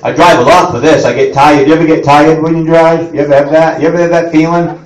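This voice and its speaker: A middle-aged man doing an animated stand-up set, acting out voices as he tells stories. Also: a little high, quick pace. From Maine. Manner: animated storytelling, acts out voices. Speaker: stand-up comedian. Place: live event hall with audience. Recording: roomy audience recording from a distance.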